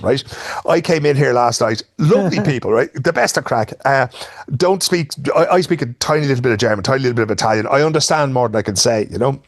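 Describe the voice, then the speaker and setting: Fast-talking Dublin Irish man. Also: mid-range voice, dry recording, studio quality. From Ireland. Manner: rambling animated storyteller. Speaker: sports journalist guest. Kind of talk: casual podcast chat.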